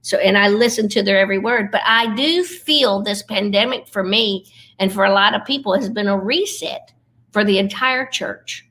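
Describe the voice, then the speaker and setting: A middle-aged woman, giving an earnest, folksy devotional talk over a video call, slowing down for emphasis. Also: medium pitch, a bit bright. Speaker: Christian comedian speaker.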